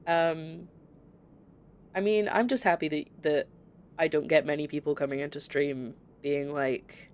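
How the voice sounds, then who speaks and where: A woman's voice: low voice, fairly quick, darkish tone, a little hiss or hum. A young woman from Scotland with a light Scottish accent, chatting casually and rambling as she streams a game and reads chat. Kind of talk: casual gameplay commentary.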